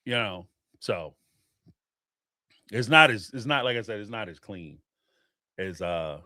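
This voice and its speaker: A man hosting a reality-TV podcast, talking in an animated, profane way and laughing often. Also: lowish voice, measured pace, no echo, clean studio sound. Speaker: podcast host. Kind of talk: casual reaction commentary.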